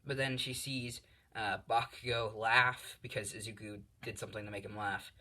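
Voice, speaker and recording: A man's voice: lowish voice, little pitch movement, moderate pace, sharp tone. A young man casually making up a fan story as he goes, rambling with lots of fillers and the odd swear word.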